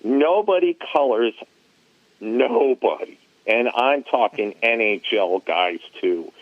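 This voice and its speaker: A man in casual podcast chat, an animated storyteller recalling his years as an arena announcer. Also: mid-range voice, takes it slowly, dry recording. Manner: animated storyteller, laughs at his own tales. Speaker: former arena announcer, guest. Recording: tinny phone line, dry.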